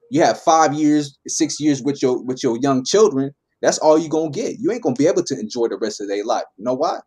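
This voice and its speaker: A man teaches a scripture class in a loose, talky style, with a voice of ordinary male pitch. He reads a verse, then unpacks it casually and keeps asking "right?" to pull his listeners along. He talks like he is chatting with friends rather than preaching from a pulpit. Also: animated, fairly quick, few pauses, darkish tone, breathy edge. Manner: conversational, tags lines with "man" and "right?".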